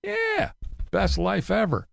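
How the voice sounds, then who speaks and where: A man's voice: high-pitched, huge pitch swings, slow pace, vocal fry, a bit bright, dry recording, pitched above the performer's own voice, heavily acted. A man mocking someone by putting on the voice of a whiny, self-pitying older van dweller who complains and curses. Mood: smug.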